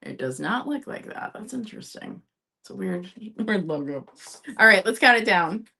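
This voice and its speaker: A woman's voice: medium pitch, lively intonation, normal speed, bright, forceful tone, slightly rough. A woman from Minnesota hosting a live vintage sale, chatting casually, laughing often and talking to her cat. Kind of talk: live-stream selling chat.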